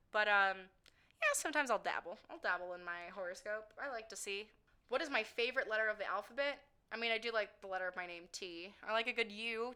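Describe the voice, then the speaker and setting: Young woman, bright clear tone, casual vlog chat, rambling, filler-heavy, self-deprecating. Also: mid-range voice. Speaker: vlogger answering viewer questions.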